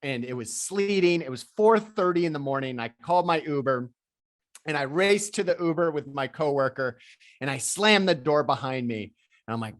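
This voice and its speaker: A man telling business stories as an interview guest, lively and acting out the people he quotes. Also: mid-range voice, normal speed, dry recording, clean studio sound. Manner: animated storyteller who acts out quoted voices. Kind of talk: storytelling interview chat.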